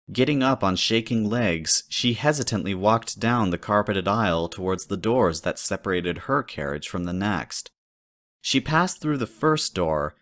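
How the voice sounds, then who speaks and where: A man with a fairly low voice reads a spooky fanfic story aloud. His narration is steady and measured, unhurried storytelling. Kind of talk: fanfic horror story reading.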